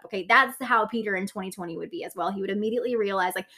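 A woman's voice: racing, few pauses, a bit bright. A young woman giving a casual Bible talk, chatty and filler-heavy, often asking "right?". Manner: acts out quotes in a lower voice. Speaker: Bible teacher.

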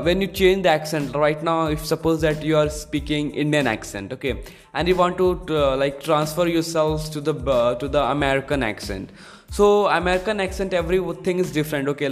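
A man hosting a podcast, giving casual spoken advice and ending nearly every sentence with "okay", with many hesitations and restarts. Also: a little high. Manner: repetitive, tags sentences with "okay". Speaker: podcast host.

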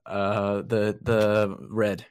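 A man's voice: on the low side, monotone, extremely slow, darkish tone, clear, resonant tone. A young man narrating as dungeon master over a voice call, casual and full of fillers. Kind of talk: narrating a tabletop game over voice chat. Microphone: computer mic on a voice call.

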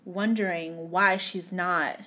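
A woman's voice: on the low side, fairly even intonation, bright, forceful tone. Tearful young woman telling a painful story. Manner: tearful, halting, drops to a whisper at times. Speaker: podcast guest. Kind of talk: emotional personal storytelling.

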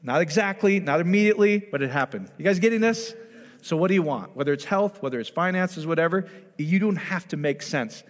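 A male pastor giving a conversational sermon, lively and animated, who keeps checking in with his congregation. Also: on the high side, a little fast, long reverb tail.

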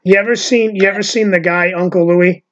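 A man's voice: high voice, steady tone, brisk, muffled recording. A man in his fifties from New York hosting a casual podcast chat, rambling and swearing freely. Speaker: podcast host. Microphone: video call.

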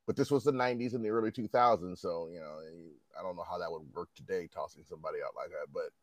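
A man's voice: deep voice, fast, dry recording. A man in his forties telling blunt, profane stories in casual conversation. He slips in and out of quoted lines and plays the other people in them. The sound is dry and close to the mic. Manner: animated, swearing, acts out quotes in dialogue. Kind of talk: casual chat, storytelling.

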